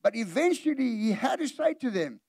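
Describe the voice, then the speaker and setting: A man's voice: extremely high pitch, sing-song, normal speed, darkish tone, breathy edge, no echo, clean studio sound. A middle-aged man preaching a sermon in a church. He preaches with animation, puts questions straight to the congregation and acts out the voices he quotes. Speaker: pastor.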